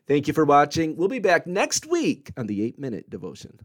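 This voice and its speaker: A male pastor giving a short devotional sermon, earnest, rising to pleading and falling to gentle reassurance. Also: on the high side, huge pitch swings, brisk, hardly any pauses, no room sound. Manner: earnest, pleading when voicing prayers, gentle when quoting Jesus.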